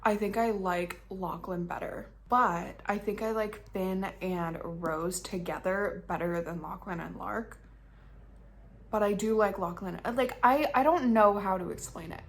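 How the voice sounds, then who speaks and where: A woman's voice: mid-range voice, a little slow. A young woman chatting casually about books in a reading vlog, rambling and full of "like" fillers. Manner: chatty, rambling, heavy use of "like". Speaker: book vlogger.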